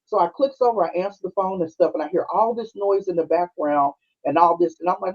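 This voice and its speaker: Husky-voiced middle-aged woman telling a story. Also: mid-range voice, lively intonation, fast talker, few pauses, dull audio. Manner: conversational, heartfelt, full of "you know" and "like". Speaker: podcast co-host. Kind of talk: personal storytelling on a live stream.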